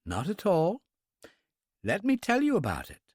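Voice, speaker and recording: A man's voice: high-pitched, huge pitch swings, a little slow, a little mellow, husky, dry recording, clean studio sound, voice pushed up, heavily acted. A man voicing a wry Irishman with a Northern Irish accent who teases in a flowery brogue, in an audiobook. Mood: cool. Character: wry Ulster Irishman, cheeky gunman.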